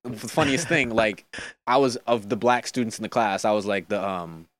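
A young man chatting casually as a guest, animated, with lots of filler words and quoted voices. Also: lowish voice, moderate pace, dry recording. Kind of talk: casual podcast chat.

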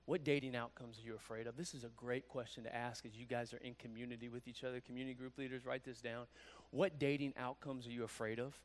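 A man preaching a sermon in a conversational, animated way, acting out quoted voices as he goes. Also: mid-range voice, fast, few pauses. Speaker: pastor.

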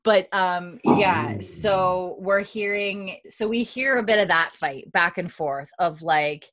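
A woman's voice: on the low side, slow, a bit bright. A woman podcast host giving a chatty, casual episode recap, full of fillers and acted-out lines.

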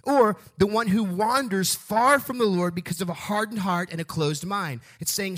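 High-voiced emphatic male pastor. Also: fairly bright tone. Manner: emphatic, with call-and-response and slowed stressed phrases. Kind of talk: sermon. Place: church sanctuary.

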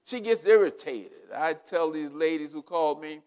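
An older man preaching a sermon, telling a personal story in an animated, emotional way. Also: on the high side, moderate pace, smooth. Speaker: pastor.

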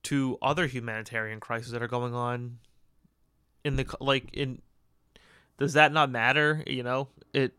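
A man hosting a podcast, ranting casually in a crude, joking, rambling way with quick voiced asides. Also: medium pitch, steady tone, pushed and bright, clean tone, no room sound, studio quality. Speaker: podcast host. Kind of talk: casual solo podcast rant.

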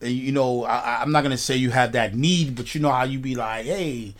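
A man hosting a casual talk show, telling a story in an animated way, swearing freely and often asking "you know what I mean". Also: mid-range voice, fairly quick. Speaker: podcast host.

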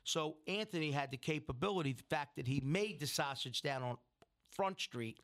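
In an interview, a middle-aged restaurant owner and food entrepreneur tells a long, rambling story, restarting sentences and acting out what people said. His voice is fairly high and a bit bright, at a moderate pace.

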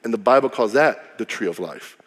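A man preaching a sermon as a pastor, lively and humorous, dropping to a low hush for emphasis. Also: brisk. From Cuban heritage. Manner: lively, humorous, varies volume widely, drops low for emphasis. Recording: long reverb of a large hall.

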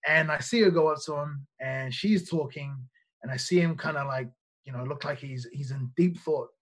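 A New man in his thirties tells nightclub stories in a casual, rambling way. He restarts sentences often and swears freely. His speaking voice sits a little high for a man. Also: normal speed. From New Zealand. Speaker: podcast guest, nightclub bouncer. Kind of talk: casual storytelling.

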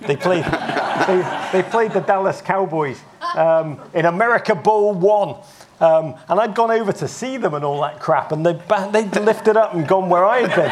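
An English man in his fifties, a broadcaster telling lively, self-mocking stories as a guest in a live interview. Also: a little high, background noise. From England. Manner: animated, self-mocking anecdotes with frequent restarts. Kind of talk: live on-stage interview storytelling.

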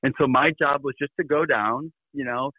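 A middle-aged man, a guest, telling stories in an energetic, upbeat way, his pitch jumping up suddenly. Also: moderate pace, dry recording. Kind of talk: casual storytelling. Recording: dry phone-like call audio.

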